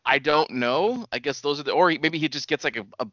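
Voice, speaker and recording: A man's voice: on the high side, quick pace, pushed and bright, no echo. A man co-hosting a podcast, chatting casually, rambling and hesitant and swearing now and then. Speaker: podcast co-host. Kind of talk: casual chat. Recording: dry, dull lo-fi sound.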